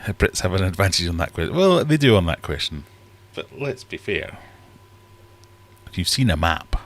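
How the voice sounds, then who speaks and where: A man's voice: low voice, big pitch swings, moderate pace. A man hosting a casual live-stream quiz, chatty and joking as he reads out the questions. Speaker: livestream quiz host.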